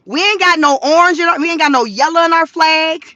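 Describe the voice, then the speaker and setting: A woman from the Southern US with a Southern accent, chatting to viewers in an animated, slangy commentary. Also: very high voice, brisk, dry recording, highs cut off. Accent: Southern American. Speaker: commentary vlogger.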